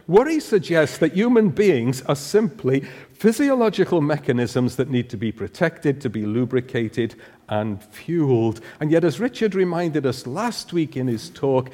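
A man's voice: medium pitch, expressive, measured pace, darkish tone. An older man giving a humorous sermon, putting questions to the congregation in a church. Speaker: preacher. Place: church hall. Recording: long hall reverb.

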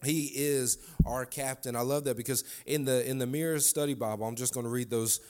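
A man delivering a sermon in a mid-range voice, neither high nor low. He preaches fervently, hammering phrases again and again and drawing call-and-response from the crowd. At the peaks he stretches his words out into near-song. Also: fairly even intonation, a little fast, darkish tone, smooth.

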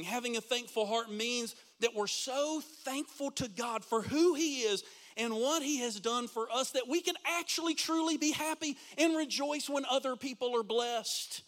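A man's voice: very high-pitched, normal speed, a bit bright. A middle-aged male pastor preaching a sermon in a church, full of rhetorical questions to the congregation. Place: church sanctuary.

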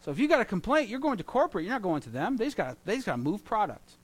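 A man in his thirties preaching a sermon, telling animated stories with jokes and mimicry. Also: high-pitched, very fast. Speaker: pastor.

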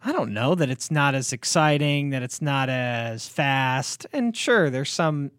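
A man's voice: medium pitch, animated, unhurried, a bit bright, smooth, no room sound, clean studio sound. A man co-hosting a sports podcast in casual chat, rambling with lots of fillers in an easygoing way. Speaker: podcast co-host.

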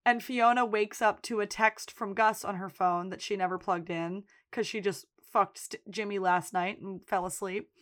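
A woman co-hosting a podcast, recapping a TV episode in casual chat, telling it with lively storytelling, acting out characters' lines and laughing often. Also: mid-range voice, moderate pace, hardly any pauses. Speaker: podcast co-host.

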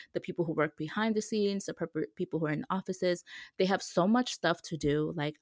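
A young woman talks on her podcast with a lowish voice, leaning heavily on "like" as she chats. She springs into lively retellings of what other people said. The sound is close and dry, with no room around her. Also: dry recording. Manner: chatty, heavy use of "like", animated when retelling others. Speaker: podcast host. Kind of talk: casual personal storytelling.

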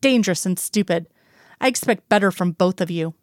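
A woman reading as a stern, gruff male FBI boss. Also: lowish voice, fairly quick, a little mellow, no room sound, clean studio sound, lightly acted. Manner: clipped, scolding.

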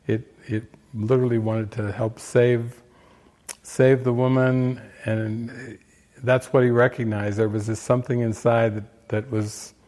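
Older male teacher, measured mid-pitch voice, very slow, halting reflective delivery. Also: warm tone. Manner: unhurried, halting, many fillers and restarts. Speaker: spiritual teacher giving movie commentary. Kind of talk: reflective spiritual talk.

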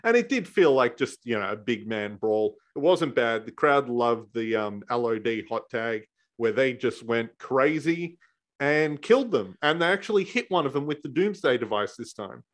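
A man co-hosting a wrestling podcast, chatty and quick to laugh while recapping. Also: mid-range voice, very animated. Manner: chatty, laughs often, acts out quotes. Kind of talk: casual review chat.

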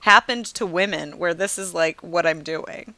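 A woman's voice: fairly low pitch, normal speed, pushed and bright, no echo. A woman co-hosting a podcast in casual chat, telling stories about herself with self-mocking humor. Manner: chatty storyteller, laughs often, self-mocking. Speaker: podcast co-host.

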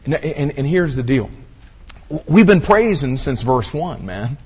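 A man preaching a sermon, folksy and direct, swinging from hushed murmurs to loud shouted exclamations. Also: mid-range voice, very animated, unhurried. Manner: folksy, addresses the audience as y'all and buddy. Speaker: pastor. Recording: husky voice with long hall reverb.

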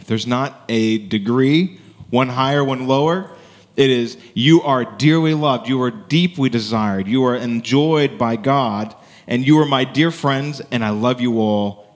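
A man's voice: mid-range voice, unhurried. Conversational man preaching in a reverberant hall. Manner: conversational preaching, frequent "right?" asides. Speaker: pastor. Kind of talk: sermon. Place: church sanctuary.

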